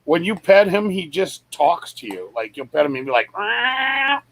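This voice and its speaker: Man, high voice, gravelly, casual group chat, swearing storyteller. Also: animated, normal speed, poor audio. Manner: swearing, storytelling, imitates his cat.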